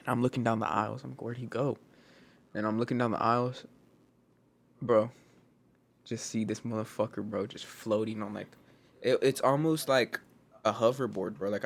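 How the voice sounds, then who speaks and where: A young man co-hosting a podcast, telling a story in a casual, animated way, swearing a lot and saying "bro" all the time. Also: on the low side, gravelly. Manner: animated, profane, says "bro" constantly. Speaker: podcast co-host.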